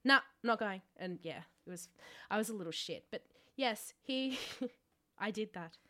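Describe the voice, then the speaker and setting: Bright-voiced Australian woman telling stories. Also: medium pitch, animated, unhurried. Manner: self-mocking, laughs often, swears freely. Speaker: podcast co-host. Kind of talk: casual storytelling chat.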